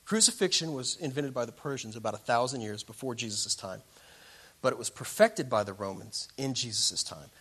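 A man preaching a sermon, slowing down for emphasis and swinging between loud declarations and hushed, quiet lines. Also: medium pitch, expressive, husky. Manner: slows down for emphasis. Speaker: pastor.

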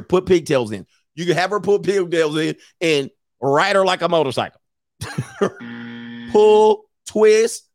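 A man's voice: a little high, dry recording, studio quality. A man hosting a stream, ranting comically in casual slang and laughing often. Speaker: streamer host. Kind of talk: casual comedic rant.

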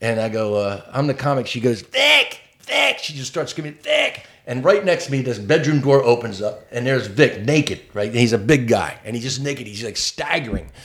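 A man's voice: medium pitch, brisk, few pauses, slightly rough. A man, a comic, telling a long rambling road story in casual podcast chat, jumping into other people's voices as he goes. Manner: animated storyteller acting out voices. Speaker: stand-up comic guest.

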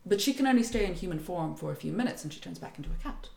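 Animated woman telling a folk tale. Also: lowish voice, racing, gravelly, echoey room. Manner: animated, acts out voices, laughs often. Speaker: podcast co-host retelling a folk tale. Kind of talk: casual storytelling.

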